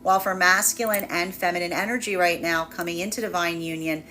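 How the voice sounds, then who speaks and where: Woman, tarot reader, livestream reading, bright clear tone, flowing repetitive phrasing, faint room hum. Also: on the low side, steady tone, fairly quick.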